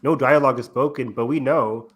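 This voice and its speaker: A man co-hosting a casual podcast, recapping an episode in quick, excited bursts with lots of ums. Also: mid-range voice, slightly rough. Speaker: podcast co-host. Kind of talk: casual chat.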